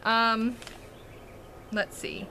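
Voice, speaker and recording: Bright, chatty woman vlogger. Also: a little high, flat delivery, extremely slow, slight background noise. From Washington DC and Maryland area. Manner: chatty, laughing often, rambling anecdotes. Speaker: family vlogger. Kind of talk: casual chat to camera.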